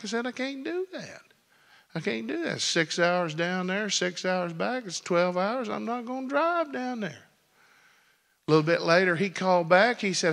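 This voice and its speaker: A man's voice: fairly high pitch, moderate pace, vocal fry, fairly bright tone, in a large hall. A man preaching a sermon as pastor in a church, folksy and rambling. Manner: folksy, rambling with many restarts. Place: church sanctuary.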